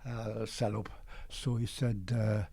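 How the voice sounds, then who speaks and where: An older man with a Geordie accent, a guest on an interview show, telling his story in a lively way and acting out old conversations. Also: on the low side, slow pace, gravelly, husky. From Newcastle, England.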